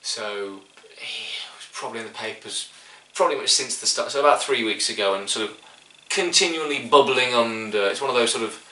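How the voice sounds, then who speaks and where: A man's voice: mid-range voice, a little fast, hardly any pauses, pushed and bright, a little hiss or hum. Brief: man as game master, hesitant, mic set back from him. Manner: hesitant, full of "sort of" and restarts. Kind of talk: narrating a tabletop game. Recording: echoey room, mic at a distance.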